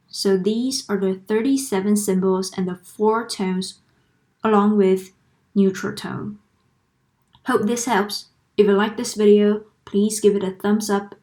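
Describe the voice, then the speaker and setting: Slow, careful Taiwanese woman tutor. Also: medium pitch, darkish tone. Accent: Taiwanese Mandarin. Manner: deliberate, drawn-out demonstration of each sound. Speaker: language tutor. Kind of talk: slow, careful pronunciation lesson.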